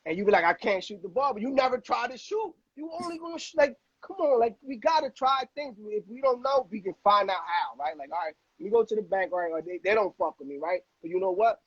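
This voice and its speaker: A man with a high, husky voice hosts a loose chat, rambling in bursts of slang and repeated words. The sound is dry and a little dull, like a lo-fi stream. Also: lively intonation, fast talker, hardly any pauses, dry recording. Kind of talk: casual chat.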